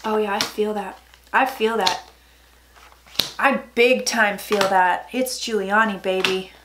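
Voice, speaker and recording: A woman's voice: mid-range voice, fairly even intonation, slow, background noise. A woman psychic giving a casual tarot reading vlog, chatty and emphatic, often dropping into murmured asides.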